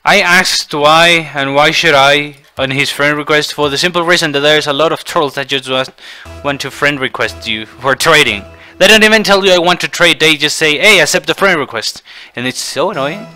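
A man giving frustrated live commentary over a car game, shouting outbursts and then muttering to himself. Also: fairly high pitch, normal speed, few pauses, smooth, soft background music. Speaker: gaming video creator.

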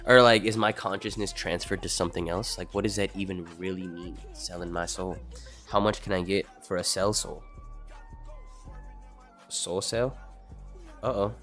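A relaxed young man talks to his stream chat in a somewhat low voice, drifting from thought to thought and swearing freely. Faint music plays quietly underneath him. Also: moderate pace, pauses often. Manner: laid-back, rambling, swears a lot. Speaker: livestreamer. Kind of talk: casual stream chat, answering chat.

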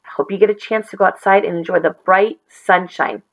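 A woman teacher reading a chapter book aloud to children in a gentle, expressive way. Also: mid-range voice, brisk, poor audio.

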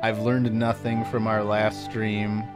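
Taking it slowly in a lowish voice, this man chats casually on a gameplay live stream, reading chat and responding to viewers while he plays. Game music runs in the background.

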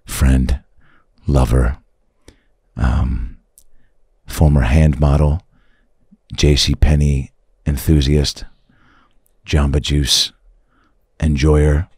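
Deep-voiced playful podcast host. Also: male voice, level tone, a little mellow, breathy edge, no room sound, clean studio sound. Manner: playful, riffing, quick to laugh. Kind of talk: casual comedic chat.

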